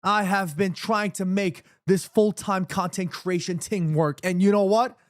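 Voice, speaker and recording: Excited guy streaming from his room, kinda high voice, super dry close sound, keeps repeating stuff. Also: unhurried, dry recording. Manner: excitable, emphatic, repeats himself when nervous. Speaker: streamer hosting a football watchalong. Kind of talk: excited livestream chat. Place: his room in New York City, indoors.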